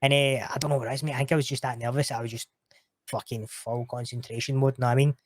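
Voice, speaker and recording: A Scottish man spins long stories in a relaxed chat, animated and full of swearing. His voice sits at an ordinary middle pitch. The recording is dry and close. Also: quick pace, no echo. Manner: animated, sweary, quotes others in raised voice. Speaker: guest. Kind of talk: casual storytelling chat.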